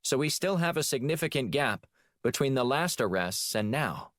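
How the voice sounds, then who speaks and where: A man voicing a crisp, eager young female analyst giving a briefing. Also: medium pitch, lively intonation, normal speed, fairly bright tone, no room sound, studio quality, voice pushed up, natural voice.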